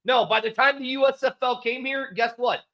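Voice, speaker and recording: Emphatic high-voiced man talking football. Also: steady tone, a little fast, pushed and bright. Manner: emphatic, repeats points for stress. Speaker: podcast co-host. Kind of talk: casual sports talk show. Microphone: studio microphone.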